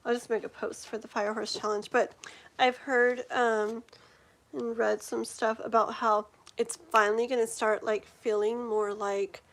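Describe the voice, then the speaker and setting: Woman, forties, slightly high voice, tarot reader, casual livestream chat, rambling, giggly, lots of fillers. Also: level tone, measured pace. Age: 40s.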